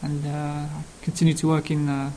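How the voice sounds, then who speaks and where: Older Cockney man, halting and plain. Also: fairly high pitch, completely flat delivery, warm tone, a little hiss or hum, rough recording. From London, England. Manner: halting, plain-spoken, pausing often mid-sentence. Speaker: television sports researcher. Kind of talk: casual self-introduction.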